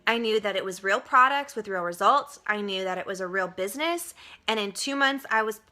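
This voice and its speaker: A woman's voice: medium pitch, lively intonation, a little fast, sharp tone. A young woman sharing an earnest, emotional personal testimonial as a direct-sales distributor, with many fillers, turning tearful as she talks. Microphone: webcam.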